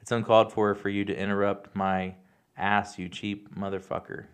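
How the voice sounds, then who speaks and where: Laid-back, low-voiced podcast co-host guy. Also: level tone, moderate pace, clear, resonant tone. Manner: laid-back, joking, profane. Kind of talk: casual chat.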